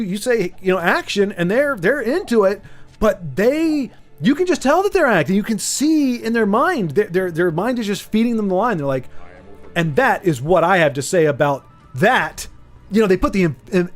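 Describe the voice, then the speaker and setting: Male streamer, casual stammering chat, voice a bit high, soft game music underneath. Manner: rambling, stammers and repeats words; reads viewer chat aloud and teases. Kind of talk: casual chat while gaming.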